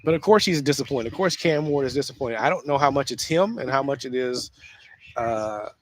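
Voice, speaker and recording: Hosting a casual sports talk show on his own, a man speaks in an animated way, often restarting and repeating phrases. His voice is medium-pitched and fairly quick, with no room sound.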